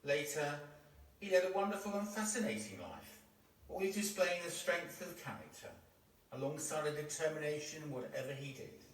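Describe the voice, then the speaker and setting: A man leading a funeral service as celebrant, speaking in a measured, gentle, formal way. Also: a little high, lively intonation. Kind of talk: formal ceremonial address. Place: crematorium chapel. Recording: echoey hall, distant mic, faint ambience.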